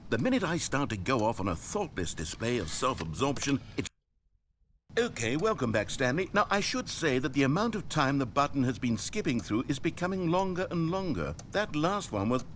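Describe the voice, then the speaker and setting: A man's voice: medium pitch, sing-song, moderate pace, a bit bright. An actor playing a weary, lonely male narrator of a game, dry and theatrical, with a faint hum behind him. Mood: wry. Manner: dry, theatrical, exasperated storytelling.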